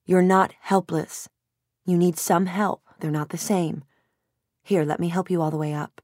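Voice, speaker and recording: A woman's voice: on the low side, fairly even intonation, moderate pace, a little mellow, dry recording, clean studio sound, close to an everyday voice. A woman voicing an older mother and grandmother, speaking in a soothing, patient, insistent way.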